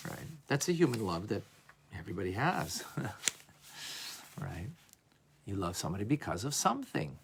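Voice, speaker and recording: A man teaching a lively class on a religious text, asking "right?" often and acting out examples. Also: fairly low pitch, normal speed, creaky, pauses often, slight background noise. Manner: animated, playful, acts out examples, frequent "right?". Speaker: Torah teacher.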